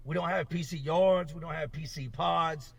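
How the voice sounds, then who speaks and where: A man casually telling a rambling, animated story about his time in jail. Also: a little high, normal speed, gravelly, breathy edge, recorded from a distance.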